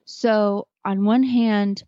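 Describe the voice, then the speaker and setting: A woman in casual podcast conversation, speaking earnestly and chattily in a middle pitch. The sound is a bit dull and muffled. The room sounds close and dry, with no echo. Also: steady tone, very slow, dark tone. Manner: earnest, chatty, tearing up at moments. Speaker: podcast guest, horse trainer.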